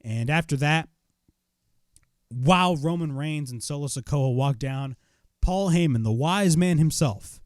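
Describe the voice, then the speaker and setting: A man retelling a wrestling show in a casual, excitable recap, swearing freely as he goes. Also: a little high, measured pace, no room sound, studio quality.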